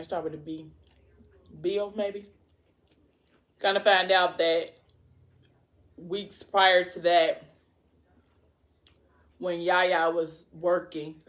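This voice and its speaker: A woman vlogger casually retelling a story while eating, acting out the characters' lines with lots of "like" and "you know". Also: lowish voice. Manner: retells a story with quoted voices, many fillers.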